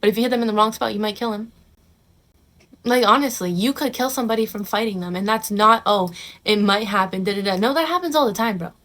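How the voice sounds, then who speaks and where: A woman's voice: a little high, fast, a bit bright. Sassy young woman giving blunt advice. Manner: blunt, sassy, calls the viewer honey and bro, swears; mocks others in quoted put-on voices. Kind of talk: casual advice talk to camera.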